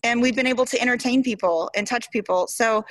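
Chatty, emotional actress, dry close sound. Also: female voice, fairly high pitch, fast talker, no room sound, poor audio. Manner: chatty, emotional, animated storytelling. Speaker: soap opera actress. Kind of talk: interview.

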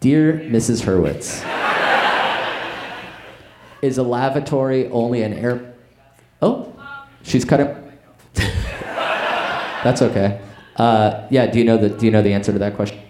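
A man's voice: mid-range voice, a little slow, pauses often. A man co-hosting a comedy podcast before a live audience, playful and laughing often. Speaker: podcast co-host. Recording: echoey live room, crowd noise.

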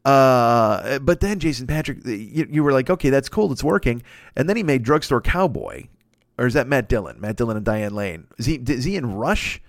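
A man with a mid-range, expressive voice hosts a comedy podcast, talking at a moderate pace in a dry, studio-quality recording. He riffs through a profane, rambling mock-rant, slipping into put-on voices as part of a wandering comic monologue.

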